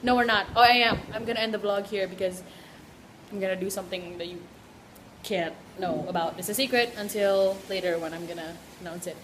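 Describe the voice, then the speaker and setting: A woman's voice: mid-range voice, brisk, a little hiss or hum. A young woman vlogging casually into a handheld camera, chatty and giggly, rambling a little as she talks. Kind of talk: casual vlog chat. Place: hotel room and outdoor sights.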